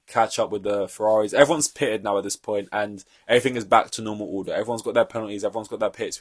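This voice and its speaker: A man's voice: on the low side, no echo, clean studio sound. A young man hosting a solo podcast, reacting to a race in an offhand, rambling way, swearing freely. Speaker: podcast host.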